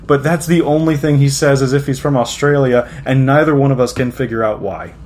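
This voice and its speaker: A man co-hosting a casual travel podcast in a mid-pitched voice. He tells stories drily and teases his co-host. A faint ambient hum sits under the recording. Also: fairly quick, a little mellow. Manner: dry, teasing storyteller.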